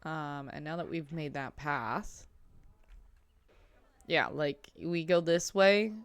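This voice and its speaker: Speaking slowly in a low, clean voice with no echo, a gameplay streamer builds her zoo. She talks casually to herself and to the animals, using many fillers.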